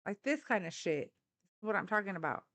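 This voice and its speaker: A woman's voice: mid-range voice, expressive, brisk, a crowd in the background. Blunt, profane woman hosting a live stream. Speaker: political livestream host. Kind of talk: casual live-stream commentary. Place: indoors, a hot room. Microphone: live stream on a phone.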